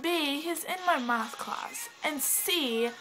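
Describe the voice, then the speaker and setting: A high-pitched teen girl speaks slowly as she rambles to a friend in a casual vlog, putting on a British accent and giggling as she drifts off topic. Faint pop music runs in the background of the low-quality recording.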